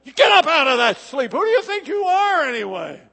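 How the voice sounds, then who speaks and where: Brief: panicked disciples shouting for help, voiced by a male preacher, high, echoey hall. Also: big pitch swings, fairly quick, vocal fry, heavily acted. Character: terrified disciples crying out in a storm.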